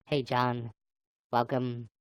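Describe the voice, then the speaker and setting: A playful woman chatting on a livestream and greeting viewers by name. Her voice is very low for a woman, and she talks at an unhurried pace in a dry, close sound. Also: flat delivery, no room sound. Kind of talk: casual live chat with viewers.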